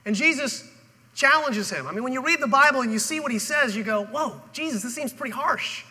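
A man's voice: very high voice, expressive, a little fast, bright, forceful tone, husky. A male pastor preaching a sermon and telling the story dramatically, acting out the people in it. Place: church auditorium. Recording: long hall reverb.

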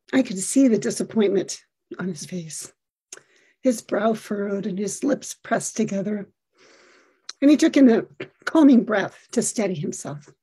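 A middle-aged woman telling a personal story in a reflective, measured way. Her voice is warm and soft, a little breathy, set fairly high. She describes each moment with care.

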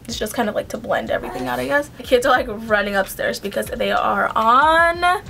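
Young female beauty vlogger, slightly high voice, casual and rambling at home. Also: fairly quick, gravelly, sharp tone. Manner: chatty, rambling, uses "like" and "um" often. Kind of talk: casual makeup tutorial.

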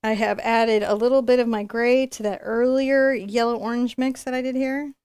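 A woman's voice: a little high, steady tone, normal speed, darkish tone, clean tone, no echo, studio quality. A woman giving a live painting tutorial, chatting and encouraging as she works and thinking aloud. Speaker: painting instructor.

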